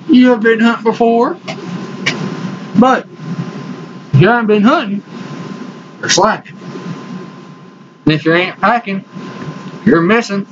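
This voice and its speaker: A young man, vlogging in a rowdy, profane rant while talking with tobacco in his lip. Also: high voice. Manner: rowdy, swears constantly. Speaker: vlogger reviewing dip. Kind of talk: casual profane vlog rant. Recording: dull lo-fi audio with loud background noise.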